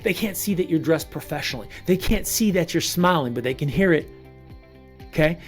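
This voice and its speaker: A man coaching salespeople in an energetic video lesson. He talks standing up, projects energy on purpose and repeats short punchy phrases. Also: on the high side, a little fast, faint music behind. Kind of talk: energetic coaching monologue to camera.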